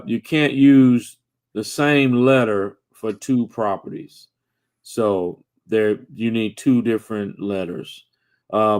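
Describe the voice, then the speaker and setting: A man hosting a live video chat, reading out viewer questions and greeting viewers by name in a halting, friendly way. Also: medium pitch, darkish tone, clean tone. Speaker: host. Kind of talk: casual livestream chat.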